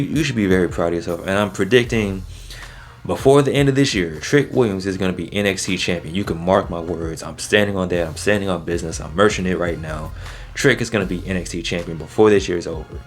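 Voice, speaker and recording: Excitable wrestling reviewer, low voice. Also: male voice. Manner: excitable, gets worked up, slangy. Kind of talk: casual video review.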